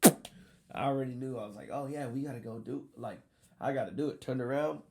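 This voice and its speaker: A man casually telling a story, animated and profane, acting out what people said. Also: mid-range voice, brisk, gravelly. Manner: animated, profane, acts out quotes.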